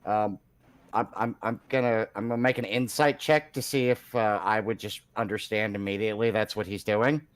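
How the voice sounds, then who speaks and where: A man's voice: fairly low pitch, fairly even intonation, moderate pace, clean tone, dry recording. A man playing in a tabletop game, joking in a dry way with the table. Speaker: player.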